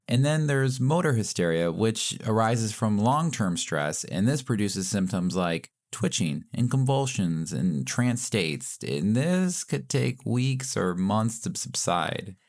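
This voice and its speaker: Joking male podcast co-host. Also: low voice. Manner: joking, self-deprecating. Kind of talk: casual conversational podcast.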